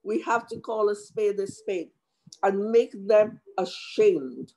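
A woman's voice: medium pitch, lively intonation, takes it slowly, mellow, rough recording. A woman commissioner speaking at a formal hearing over a video call, impassioned and emotional, with many restarts.

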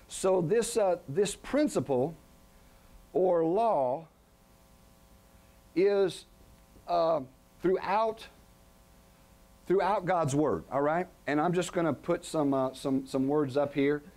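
A middle-aged man pastor preaching a sermon in a tent, often pausing to let the congregation finish his lines. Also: on the high side, darkish tone. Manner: call-and-response questions to the congregation.

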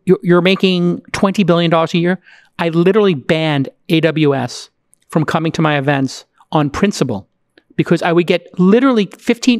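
A podcast host man on a full exasperated rant, his pitch leaping up as he acts out other people. The sound is dry and close on the mic. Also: no echo. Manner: animated, exasperated, mimics others mid-rant. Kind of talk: ranting interview talk.

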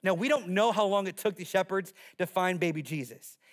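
A man, a pastor, preaching a sermon in an animated storytelling way, slipping into playful character voices. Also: sits high, fairly quick.

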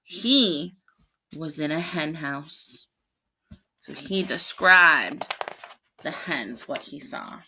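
Animated woman reading a picture book. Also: deep voice, extremely slow, pauses often, breathy edge. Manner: explains the pictures between pages, animated. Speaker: preschool teacher.

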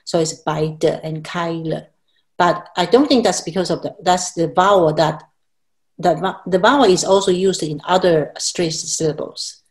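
Woman, lowish voice, halting with restarts, self-deprecating laughs, video call. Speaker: Chinese language teacher. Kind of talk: explanatory video call chat.

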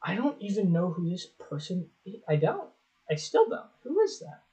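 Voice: mid-range voice, wildly swooping pitch, moderate pace, mellow, rough recording. A young adult vlogger giving casual reaction commentary on old clips, swearing often, mocking themself and laughing.

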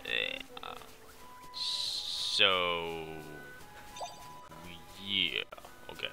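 A man's voice: deep voice, huge pitch swings, extremely slow, creaky, sharp tone, soft background music. A young Irish man commentating his video game playthrough, joking and mocking himself while reading the dialogue aloud. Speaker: gaming video host. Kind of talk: let's play commentary.

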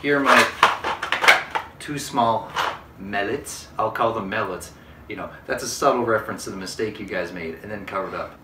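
A man's voice: lowish voice, normal speed, noisy background. Mock-earnest man hosting a comedy unboxing. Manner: mock-earnest, overexcited salesman patter. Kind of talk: mock product review. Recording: roomy echo, mic at a distance.

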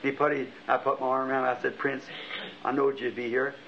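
Fervent preacher on old, dull tape. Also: male voice, medium pitch, flat delivery, quick pace. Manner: impassioned storytelling with rising exclamations. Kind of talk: sermon.

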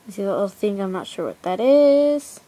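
Recorded on the camera of a handheld music player, a woman rambles in a home vlog beside her bed, chatty and prone to whispered asides as a new video maker. Her mid-range voice is animated and mellow, and she talks a little fast.

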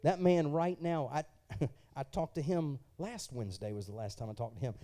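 High, mellow-voiced male preacher. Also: normal speed. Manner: swings from quiet, intimate talk to loud, fervent preaching; asks the congregation questions and tells personal testimony. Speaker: pastor. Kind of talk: sermon. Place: church.

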